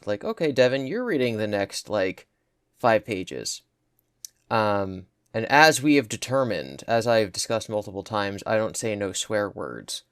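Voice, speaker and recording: Hoarse young man chatting. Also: fairly low pitch, no echo, clean studio sound. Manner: chatty, tells anecdotes. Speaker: podcast co-host. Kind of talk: casual chat.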